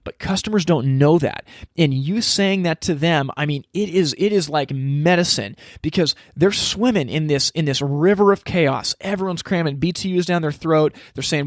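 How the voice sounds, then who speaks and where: A man teaching a step-by-step sales process in casual, energetic talk, acting out lines he would say to customers. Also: a little high, normal speed, no room sound, studio quality. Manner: energetic, acts out customer dialogue, frequent restarts. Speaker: sales trainer.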